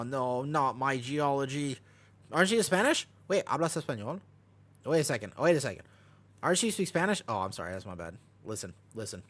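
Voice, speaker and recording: Chatty man streaming a game, lively pitch. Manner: chatty, jumps between topics, answers chat, laughs often. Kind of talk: casual live-stream commentary while gaming.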